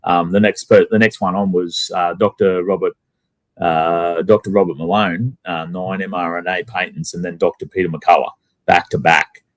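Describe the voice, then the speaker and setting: Aussie guy rambling on a podcast, swears a lot, lowish voice, dry close sound. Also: steady tone, moderate pace, no room sound. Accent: Australian. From Australia. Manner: rambling, blunt, heavy swearing. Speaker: guest. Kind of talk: casual podcast chat.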